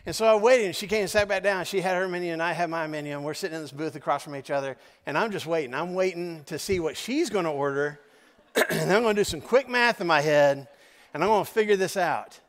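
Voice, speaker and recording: Storytelling pastor with a drawl, reverberant hall. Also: male voice, on the high side, quick pace. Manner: conversational storytelling with asides to the audience. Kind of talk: sermon story told to a congregation.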